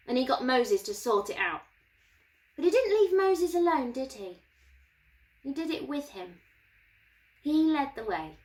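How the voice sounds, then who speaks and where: A woman's voice: sits high, fairly bright tone, low-quality recording. A woman presenting a children's Bible lesson for her church, with a playful, encouraging way of talking.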